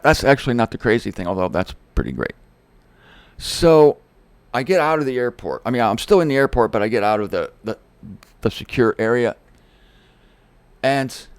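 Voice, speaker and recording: A middle-aged man hosting his show, telling a personal story in a casual, animated way and acting out the voices of the people in it. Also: medium pitch, no echo. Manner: animated, quoting others in acted-out voices. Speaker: host.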